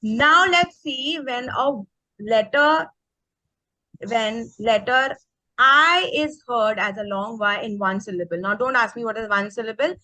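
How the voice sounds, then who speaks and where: Lively, bright-voiced teacher. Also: female voice, a little high, unhurried, no echo, low-quality recording. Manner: energetic, checks in often with "okay?". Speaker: teacher trainer. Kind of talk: online teacher workshop. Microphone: video call.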